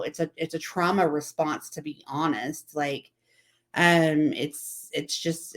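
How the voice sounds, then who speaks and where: A woman hosting a casual motivational talk, chatting and repeating herself as she quotes other people. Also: lowish voice. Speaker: vlog host.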